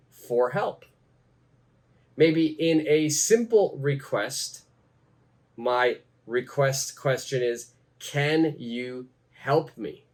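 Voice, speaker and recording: A man leads an English lesson in an unhurried, careful way, saying each example twice so learners can follow. His voice sits a little higher than most men's, and he takes his time. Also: darkish tone. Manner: repeats phrases slowly for learners. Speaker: English teacher. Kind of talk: slow, deliberate teaching.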